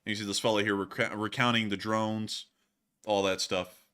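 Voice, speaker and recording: A man's voice: fairly low pitch, level tone, moderate pace, sharp tone, smooth. A man hosting a livestream, commenting on war footage in a casual, jokey way with lots of laughter. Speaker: stream host.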